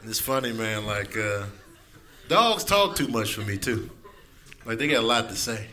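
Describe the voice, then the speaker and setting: A man doing a stand-up comedy set with a laid-back, drawling delivery and low asides. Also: animated, normal speed, pushed and bright. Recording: noisy live club recording.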